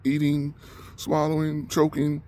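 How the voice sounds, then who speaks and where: A man's voice: a little high, monotone, measured pace, a little mellow. A man ranting emotionally to the camera, agitated and short of breath, repeating himself as he talks. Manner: agitated, repetitive, heated. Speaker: vlogger.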